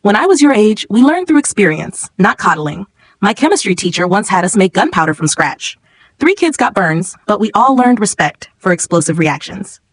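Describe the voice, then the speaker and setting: A cruel substitute chemistry teacher speaks with calm, clipped contempt, read by a woman. The sound is dry and close, with no room around it. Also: medium pitch, normal speed, dry recording. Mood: cold, mocking.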